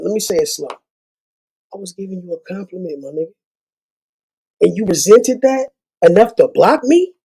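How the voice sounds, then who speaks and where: Man, channel host, fired-up profane rant with rhymes; gravelly, husky, high for a man. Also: warm tone, rough recording. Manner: heated, profane, rhyming asides. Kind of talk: ranting monologue to viewers.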